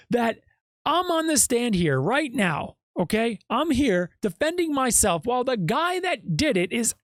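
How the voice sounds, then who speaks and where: A man's voice: high voice, no echo, clean studio sound. A male podcast host giving emphatic casual commentary and often tagging his points with "okay?" or "right?".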